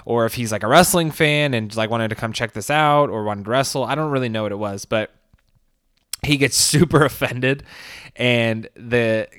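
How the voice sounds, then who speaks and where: A man's voice: mid-range voice, normal speed, a bit bright, clean tone, no echo, clean studio sound. A man casually recapping a documentary, rambling with fillers, restarts and laughs. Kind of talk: casual commentary.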